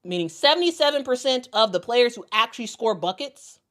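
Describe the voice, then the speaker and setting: A woman's voice: fairly high pitch, expressive, brisk, a bit bright. Emphatic woman basketball commentator. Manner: emphatic, repeats herself for stress. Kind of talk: casual commentary reading viewer comments.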